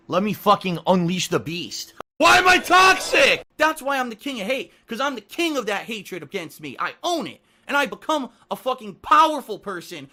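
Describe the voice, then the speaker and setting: A man's voice: fairly high pitch, bright, forceful tone. A male streamer ranting angrily and profanely during a live stream.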